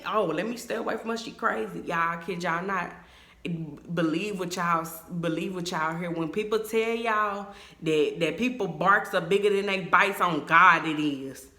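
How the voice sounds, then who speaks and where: A young woman, telling a story to her viewers in an emphatic, animated way. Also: mid-range voice. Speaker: vlogger. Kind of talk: storytime vlog. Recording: echoey room.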